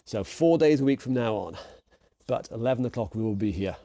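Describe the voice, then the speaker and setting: A man's voice: mid-range voice, lively intonation, brisk, mellow, dry recording. A man coaching an online workout class, calling out moves and counting down with upbeat encouragement. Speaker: fitness instructor.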